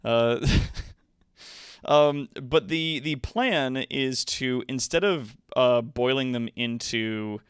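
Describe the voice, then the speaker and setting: An upbeat man hosts a live stream and chats loosely with his audience, wandering from thought to thought with many fillers. His voice is smooth and clean, with a middle pitch. It is recorded close and dry on a desk microphone, with no room sound. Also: very slow, no echo. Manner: rambling, upbeat, lots of fillers. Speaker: live streamer, show host. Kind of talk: casual live-stream chat.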